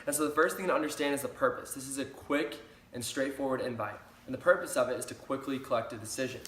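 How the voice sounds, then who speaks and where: A man's voice: medium pitch, fast talker, fairly bright tone, slight background noise. A young man giving an upbeat sales training talk, repeating key phrases for emphasis. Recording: roomy echo.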